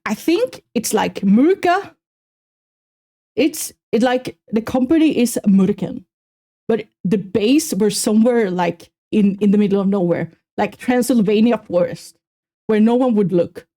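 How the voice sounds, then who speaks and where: A woman streamer chatting casually with her viewers while reacting to a video, animated and self-mocking, with a slight Swedish accent. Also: mid-range voice, normal speed. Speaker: VTuber streamer.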